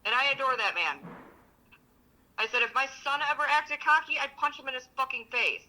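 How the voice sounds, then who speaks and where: Bright, blunt, profane woman storyteller. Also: high voice, brisk, low-quality recording. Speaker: podcast co-host. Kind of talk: casual chat.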